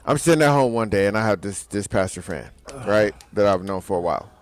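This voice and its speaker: On a radio show, a male co-host with a low-side, animated voice talks fairly quickly as he tells a story in casual chat. He laughs throughout and performs the dialogue of the people involved.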